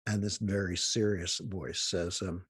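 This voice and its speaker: A man hosting a healing program, telling humorous anecdotes with wry asides and pauses. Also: sits low, fairly even intonation, fairly bright tone, husky, no room sound, studio quality. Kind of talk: humorous storytelling talk.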